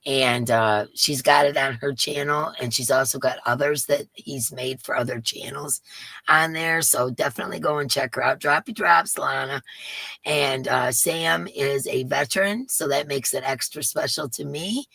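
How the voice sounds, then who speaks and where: Craft livestream host, woman, low and gravelly, dry close sound, chatty and warm with viewers. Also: normal speed, dry recording. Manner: chatty, greets viewers by name, laughs often. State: voice rough today. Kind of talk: casual livestream chat. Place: home craft room.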